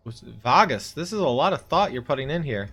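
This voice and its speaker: A man's voice: medium pitch, expressive, a little fast, a bit bright, slightly rough. A man casually commenting on his own card game, talking to his opponent with mock-exasperated outbursts. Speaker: streamer playing a card game.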